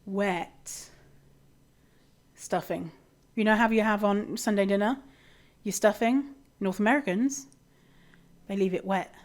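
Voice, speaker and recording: A British woman hosting a podcast, talking in a casual, animated rant with swearing and mock outrage. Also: medium pitch, takes it slowly, long pauses. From Britain. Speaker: podcast host. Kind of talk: casual ranting monologue.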